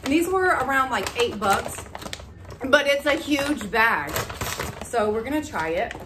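A woman, chatting excitedly to her viewers in a casual haul vlog. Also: fairly high pitch, measured pace, noisy background. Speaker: vlogger.

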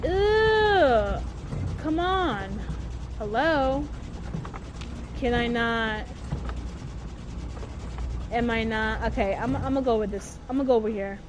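A woman's voice: fairly high pitch, animated, slow pace, pauses often, over music. A woman giving casual gameplay commentary, exasperated and swearing, with slangy talk. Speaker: gaming streamer.

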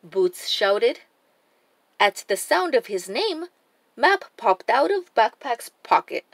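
A woman reading a children's picture book aloud in an expressive, animated way. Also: fairly high pitch, takes it slowly, vocal fry, no echo. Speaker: storybook reader.

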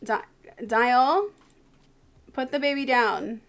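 Tired woman streaming a game, slow talker, some vocal fry, keeps chatting to her characters. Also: fairly high pitch. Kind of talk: live gameplay commentary.

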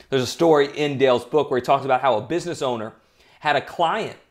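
A man hosting a podcast who gives an earnest, emphatic motivational talk and tells anecdotes. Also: medium pitch. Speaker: podcast host.

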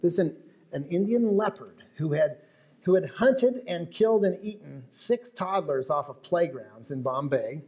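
American guy giving a talk, slightly high voice, chatty storyteller tossing questions at the crowd. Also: animated, a little slow, a little mellow. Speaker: wildlife photographer giving a talk. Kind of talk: lecture to an audience. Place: auditorium with live audience.

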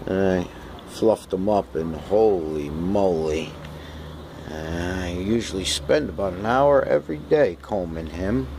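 Man, low gravelly voice, coaxing pet owner doing sing-song baby talk on a terrace, handheld camera. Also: a little mellow, a little hiss or hum. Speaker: cat owner filming his pet. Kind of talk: casual home video talking to his cat. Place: outdoor terrace in the rain.

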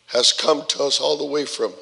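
In a church sanctuary, a pastor welcomes the congregation and introduces a guest preacher, joking and teasing them as he goes. His voice sits on the high side and is gravelly, with fairly even intonation and a normal pace. There's background noise and music, and the church hall gives it a long reverb.

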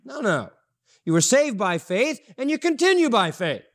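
A man with a notably high voice delivers a sermon from the pulpit. He preaches emphatically, driving points home by repeating short phrases. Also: big pitch swings, normal speed, a bit bright. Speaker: pastor. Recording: audio-only sermon recording.

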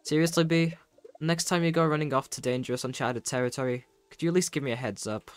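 A man's voice: medium pitch, fast, smooth, close to an everyday voice. A man reading aloud the lines of a teasing woman rancher who is a rival and mentor, putting on a character voice for game dialogue. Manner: teasing, casual read-aloud delivery.

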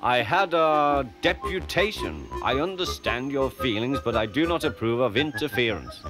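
A man voicing a stern, pompous male railway boss who speaks in a measured, authoritative way. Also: mid-range voice, sing-song, over music, natural voice.

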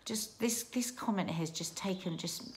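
A middle-aged woman chatting warmly in a casual family vlog, emotional and restarting her sentences as she talks. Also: mid-range voice, normal speed, slight background noise. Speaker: vlogger. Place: garden outdoors.

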